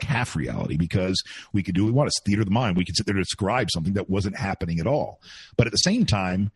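A husky-voiced man chats with lively swings of pitch, slipping into mock announcer voices as he tells his stories. The sound is close and dry, with no room echo. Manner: animated storytelling, mimics announcer voices. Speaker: former radio host. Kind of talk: casual podcast chat.

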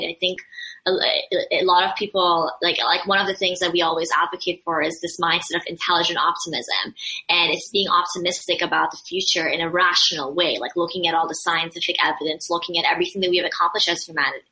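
Rich: A woman with a bright, forceful voice, pitched a little low. She talks earnestly and at length in a casual chat, with many fillers and repeated starts. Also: steady tone, quick pace, rough recording. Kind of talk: casual conversation.

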